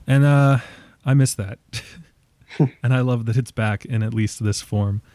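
A man co-hosting a casual film podcast, quick and teasing, laughing easily. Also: mid-range voice, mellow, slight background noise. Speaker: podcast co-host.

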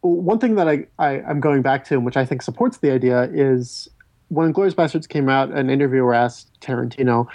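A man's voice: mid-range voice, brisk, a little mellow, no room sound. A man hosting a casual film discussion podcast, rambling and often restarting his sentences. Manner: rambling, self-interrupting, stammers on restarts. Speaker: podcast host.

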